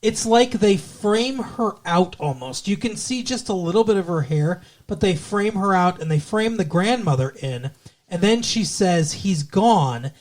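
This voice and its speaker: A man's voice: sits high, expressive, a little slow. A man co-hosting a podcast, chatting casually as he recaps a TV episode, rambling with restarts and acting out quotes. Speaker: podcast co-host.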